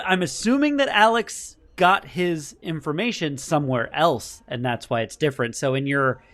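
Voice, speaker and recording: A man's voice: medium pitch, fairly bright tone. A man hosting a casual sports podcast, talking in a blunt, wry way and swearing freely. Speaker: podcast host.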